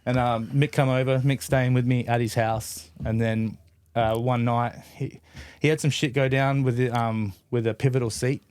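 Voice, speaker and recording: A man in his forties with an Australian accent, a podcast guest telling stories in a relaxed, loose way, full of fillers and swearing. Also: mid-range voice, moderate pace, clean tone, no room sound, studio quality. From Adelaide, Australia. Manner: laid-back, heavy on fillers and swearing. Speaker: podcast guest, BMX rider. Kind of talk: casual storytelling.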